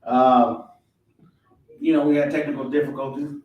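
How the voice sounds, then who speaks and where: A man's voice: medium pitch, normal speed, muffled recording. Man far off in a very echoey room. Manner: relaxed, reading out comments. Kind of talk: casual chat.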